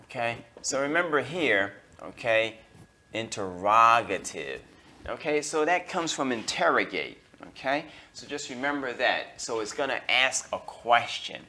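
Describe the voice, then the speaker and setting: An American man teaching an English grammar lesson, slowing down on key terms and filling pauses with okay and all right. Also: medium pitch, very animated, pushed and bright. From United States. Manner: slows down to stress key terms.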